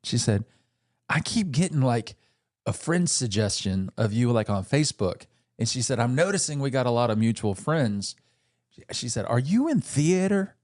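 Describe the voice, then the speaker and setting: A man's voice: mid-range voice, animated, normal speed, a little mellow. A man co-hosting a podcast, telling stories in casual chat, acting out the voices he quotes and laughing often. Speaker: podcast co-host.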